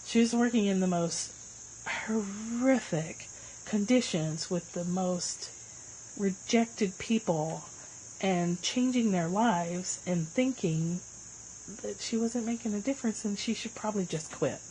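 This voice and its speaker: A woman hosting a casual livestream, chatting with viewers and answering their comments with lively swings in pitch. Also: slow, slight background noise, poor audio. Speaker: livestream host.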